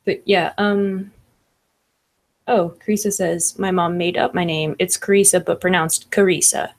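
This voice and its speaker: A woman's voice: fairly low pitch, steady tone, a little slow. A woman hosting a livestream, reading chat comments aloud and chatting casually with lots of laughs. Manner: laughs often, fillers like "like" and "I don't know".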